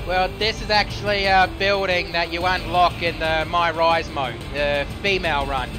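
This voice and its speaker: A man's voice: fairly high pitch, steady tone, moderate pace, few pauses, over music. Chatty Australian man commentating a game. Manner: chatty, self-correcting, mutters at the game. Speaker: gaming streamer. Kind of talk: casual gameplay commentary.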